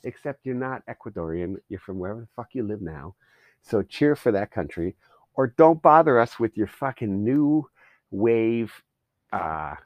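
A man's voice: fairly low pitch, darkish tone, no room sound. A man from Canada rants through a podcast monologue, swearing freely and dripping sarcasm. He rambles from gripe to gripe. The recording is dry and close. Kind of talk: profane ranting monologue.

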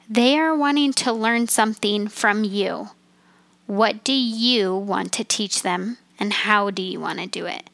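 A woman's voice: medium pitch, gravelly, a bit bright, dry recording. A woman in her thirties hosting a personal faith podcast, talking in an earnest, heartfelt, chatty way. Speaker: podcast host.

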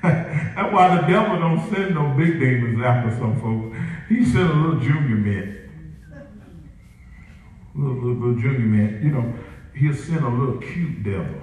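Male preacher, lively sermon delivery with laughter between lines, recorded from a distance in a very echoey church. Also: mid-range voice, moderate pace, slight background noise. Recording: echoey room picked up from a distance, faint ambience.

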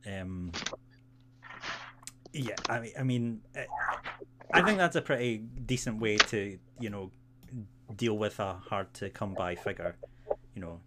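A man's voice: lowish voice, a little slow, long pauses, very noisy. A man hosting a casual live-streamed podcast, laid-back, laughing often and swearing casually. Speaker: podcast host.

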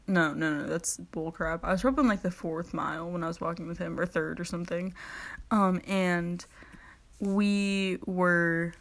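A teenage girl talks through her solo podcast in a loose, meandering way. Her voice sits a little low for a girl. She leans on "like" constantly and restarts her sentences often. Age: teens. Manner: rambling, heavy use of "like", frequent restarts. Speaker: podcast host. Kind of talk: casual solo podcast chat.

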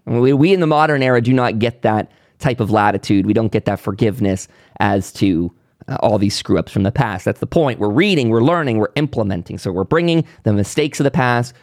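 A man's voice: fairly low pitch, fairly quick, darkish tone, no echo. Dry-miked man ranting in a casual monologue. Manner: impassioned, rambling, with frequent restarts and short laughs. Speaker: political commentary host.

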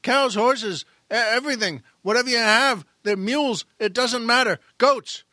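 A man's voice: very high voice, normal speed, pushed and bright, dry recording, clean studio sound. A man voicing a greedy, never-satisfied rooster who barks insistent, clipped demands in a comic story. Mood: demanding. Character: insatiable, demanding male rooster.

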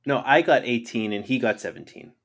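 Goofy, rambling tabletop player. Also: male voice, medium pitch, fairly quick, a bit bright.

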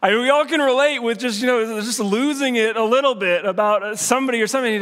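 A man giving a sermon as pastor, talking in a relaxed, conversational way with frequent filler restarts. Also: extremely high pitch, fast. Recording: long hall reverb.

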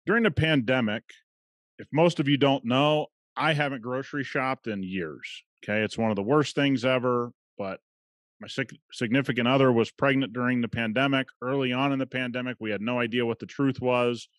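A man's voice: medium pitch, normal speed, dry recording. Emphatic man telling a story. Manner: conversational storyteller, emphatic at times. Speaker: podcast host. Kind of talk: casual podcast monologue.

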